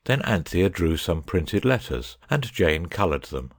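A man reading a children's story aloud in measured narration. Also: low voice, sing-song, dry recording, studio quality. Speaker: audiobook narrator. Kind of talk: scripted narration.

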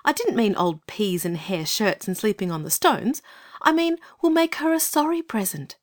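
A man's voice: sits high, big pitch swings, moderate pace, dry recording, clean studio sound, voice pushed up. A man reading an audiobook voices an earnest, kind-hearted young girl. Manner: earnest, eager. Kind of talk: audiobook character voice.

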